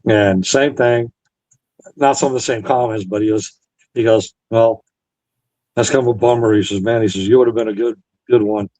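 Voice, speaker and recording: A man's voice: lowish voice, fairly even intonation, normal speed, darkish tone, no room sound, rough recording. A Navy veteran man in an interview, earnestly retelling past conversations and quoting both sides. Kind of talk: storytelling interview.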